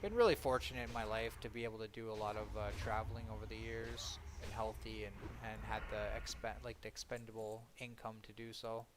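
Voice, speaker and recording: A man's voice: lowish voice, brisk, hardly any pauses, noisy background. A man from Ontario streaming a game, chatting casually and rambling while he answers viewers' comments. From Ontario, Canada. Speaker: gaming streamer. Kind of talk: casual chat with live chat while gaming.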